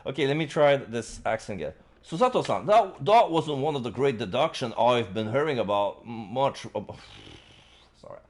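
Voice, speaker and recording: A man's voice: medium pitch, lively intonation, moderate pace. A man streaming a game, chatting casually and laughing at himself between reading lines.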